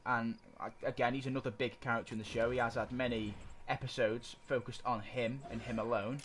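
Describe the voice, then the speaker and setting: A man's voice: medium pitch, steady tone, a little fast, fairly bright tone. A man co-hosting a casual podcast, arguing his opinions in a rambling way and often stopping to search for words. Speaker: podcast co-host. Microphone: desk microphone. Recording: noisy amateur podcast recording.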